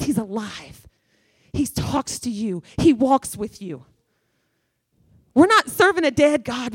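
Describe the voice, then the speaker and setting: A woman's voice: high-pitched, no echo, studio quality. A middle-aged woman preaching a sermon with fervor, emphatic and repeating phrases for effect.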